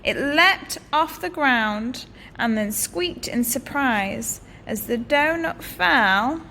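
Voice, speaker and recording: A woman teacher reading a picture book aloud to children in a clear, expressive way. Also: high-pitched, a little hiss or hum. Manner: expressive and animated, slow and clear. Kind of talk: storybook read-aloud for children.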